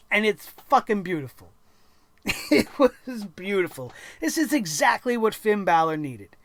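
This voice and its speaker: A host recapping a wrestling show in a casual, opinionated way, telling the matches dramatically with emphatic pauses and swearing freely. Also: medium pitch, dry recording. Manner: excitable, profane and opinionated.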